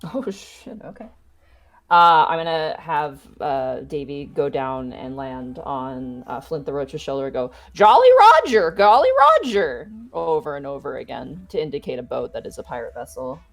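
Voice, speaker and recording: A woman taking part in a tabletop role-playing session with a notably low voice. She talks eagerly and chattily while declaring her actions. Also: fairly even intonation, moderate pace, vocal fry. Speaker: player.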